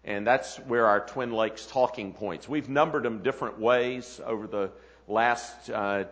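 A man's voice: on the low side, a little slow, a bit bright. A man leading a ministers' conference and giving an earnest opening address with frequent fillers and restarts. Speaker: conference leader. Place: conference hall. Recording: long hall reverb.

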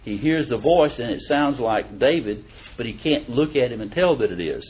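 A middle-aged man giving a conversational sermon in a folksy, animated way, who reads verses aloud with emphasis. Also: mid-range voice, moderate pace. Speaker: preacher or Bible teacher. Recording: dull lo-fi recording.

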